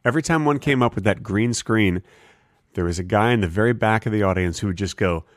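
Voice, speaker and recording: A man co-hosting a podcast, joking in casual comedic banter with deadpan delivery. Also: lowish voice, brisk, dry recording, clean studio sound. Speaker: podcast co-host.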